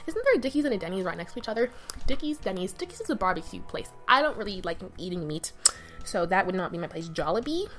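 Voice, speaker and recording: A woman's voice: mid-range voice, very animated, fast, a bit bright. Young woman, solo podcast host, rambling casual chat, filler-heavy, self-interrupting, mic on knee, sitting on bed, faint background music. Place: sitting on her bed at home. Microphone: mic balanced on her knee.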